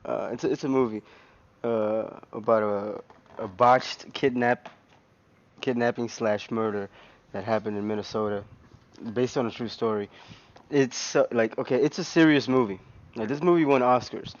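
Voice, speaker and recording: A man's voice: mid-range voice, steady tone, normal speed, muffled recording. A man casually chatting on a racing game live stream, rambling with many fillers and restarts. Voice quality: rambling, lots of fillers and restarts, laughs often. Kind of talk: casual gaming stream chat.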